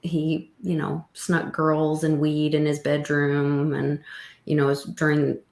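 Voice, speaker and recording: Low-pitched woman host, chatty, roomy echo. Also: monotone, a little slow, darkish tone. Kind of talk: casual chat.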